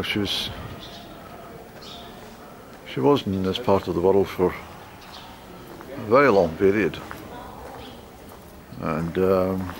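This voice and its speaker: A man's voice: on the low side, vocal fry. A man chatting in a rambling way as he narrates a walk through narrow town streets on a handheld camera. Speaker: travel vlogger. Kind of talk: walking travel narration. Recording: street noise and passing traffic.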